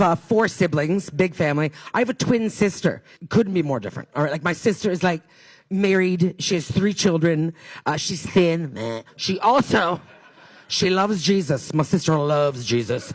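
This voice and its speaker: A middle-aged woman from Canada doing a stand-up comedy set, talking in rapid asides with sudden loud, swearing outbursts. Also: medium pitch. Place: comedy club stage. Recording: echoey room with crowd laughter. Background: audience laughter.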